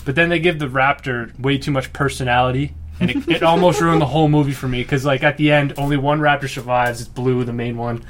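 Male podcast co-host, mid pitch, animated storyteller. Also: brisk, few pauses, a little hiss or hum. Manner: animated storyteller acting out movie scenes. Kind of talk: casual chat.

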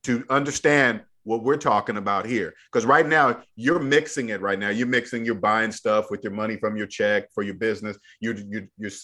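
A man's voice: fairly low pitch, moderate pace, hardly any pauses, bright, forceful tone. A man coaching a younger guest on money, emphatic and preachy, repeating his points in casual podcast chat. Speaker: debt-free money coach.

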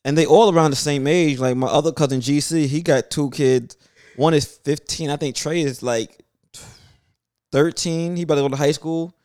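A man's voice: on the high side, steady tone, normal speed, darkish tone, clean tone, no echo, clean studio sound. A man from Brooklyn with a strong New York accent, telling stories in loose, slangy casual chat.

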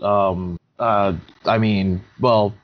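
A man's voice: fairly low pitch, steady tone, drawn-out words, no echo. A man answering in a casual podcast chat, hesitant and laid-back. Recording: dull lo-fi sound.

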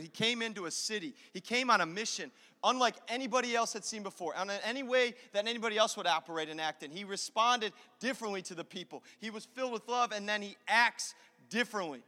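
A man preaching a sermon, impassioned, swinging between loud bursts and hushed moments. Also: high-pitched, in a large hall. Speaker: pastor.

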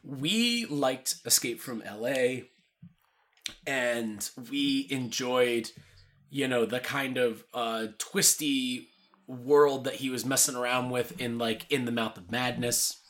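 A man's voice: mid-range voice, slow pace, fairly bright tone. A young man co-hosting a casual film podcast, joking, swearing and slipping into silly voices. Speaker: podcast co-host.

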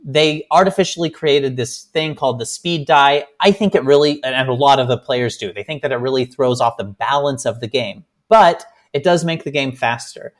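A man's voice: mid-range voice, moderate pace, few pauses. A young man telling a story as a podcast guest, rambling, with many fillers and restarts. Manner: animated, self-mocking. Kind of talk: casual storytelling.

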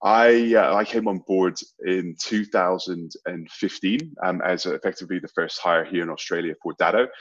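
A man's voice: low-pitched, lo-fi sound. A man from Bermuda with a British accent and an American twang, an earnest podcast guest on a call. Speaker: guest, sales executive. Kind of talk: casual interview chat. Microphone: remote call.

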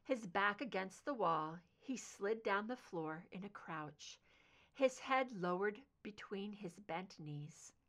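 A woman reading fan fiction aloud, narrating in an expressive, emotive way. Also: medium pitch, slow pace. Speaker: audiobook reader.

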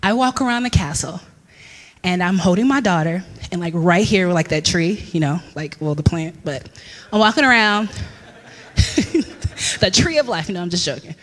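A woman in her thirties telling a lively personal story to a church congregation, laughing often and acting out what people said. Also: on the low side, moderate pace, big-room sound. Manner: animated storyteller, laughs often, acts out quotes. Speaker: church speaker. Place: church hall.

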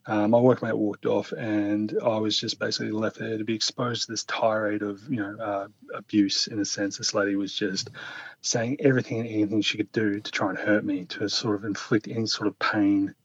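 Calm husky-voiced man telling a story. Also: fairly low pitch, fairly quick, lo-fi sound. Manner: calm, earnest, reflective. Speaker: guest. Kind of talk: personal storytelling in a video interview.

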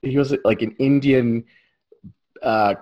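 A man's voice: medium pitch, fairly even intonation, slow, muffled recording. A man co-hosting a film review podcast, enthusiastic, stammering and repeating words. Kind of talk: casual film chat.

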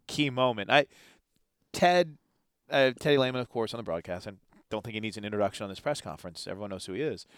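A man's voice: on the low side, fast talker, smooth, dry recording, clean studio sound. A man co-hosting a sports talk show, chatting casually about a football game, often stammering and restarting his thoughts.

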